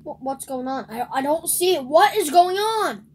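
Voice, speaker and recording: Excitable high-voiced woman doing game commentary. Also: normal speed. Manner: excitable, rambling, shrieks at surprises. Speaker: gaming video host. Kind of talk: let's play commentary.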